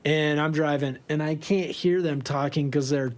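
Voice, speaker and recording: A man telling a tour story in a casual, animated way, laughing often and swearing freely. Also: fairly high pitch, moderate pace.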